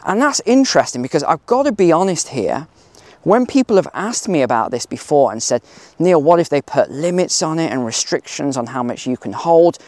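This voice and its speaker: A man's voice: fairly high pitch, big pitch swings, normal speed, darkish tone, dry recording. A man hosting a casual finance talk outdoors on a hill, chatty with emphatic asides. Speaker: finance channel host.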